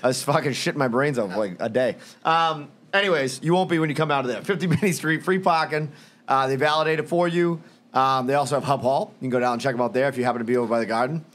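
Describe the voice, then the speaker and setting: A man with a middle-pitched voice reads sponsor plugs on a podcast. He is blunt and laid-back, dropping curses between addresses and menu items. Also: quick pace, a bit bright. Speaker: podcast co-host. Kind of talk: casual chat, reading sponsor plugs.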